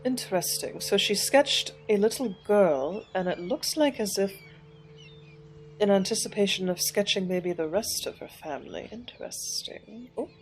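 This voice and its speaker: A woman's voice: medium pitch, normal speed, slight background noise. A woman hosting a game playthrough, chatting and giggling as she thinks aloud. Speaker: gaming channel host. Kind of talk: let's play commentary. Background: faint game music.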